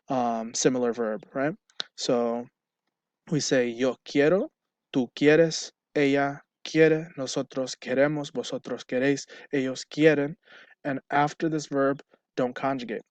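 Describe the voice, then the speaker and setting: Male teacher, mid pitch, explains patiently, dry room sound. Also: no echo. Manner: explains step by step, checks with "right?". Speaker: Spanish teacher. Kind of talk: recorded online lesson.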